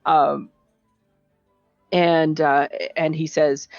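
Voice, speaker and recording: A woman's voice: deep voice, measured pace, no room sound, soft background music. A woman narrating as game master of a tabletop game, casual and rambling with many fillers. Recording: dull dry lo-fi audio.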